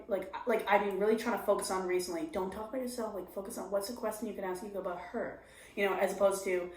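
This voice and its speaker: In an echoey room, a female stand-up comedian speaks candidly and fast in an interview, her voice mid-range. She's confessional and animated, acting out her own inner voice as she talks.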